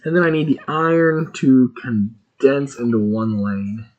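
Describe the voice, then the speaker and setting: A man streaming a video game, chatting casually and excitably while thinking aloud about what he is doing. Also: medium pitch, a little slow, muffled recording. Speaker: gaming streamer.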